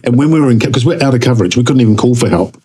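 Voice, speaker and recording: A man with a New Zealand accent, a podcast guest telling a story casually and animatedly, jumping up in pitch to act out dialogue. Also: lively intonation, racing, warm tone, a little hiss or hum, rough recording.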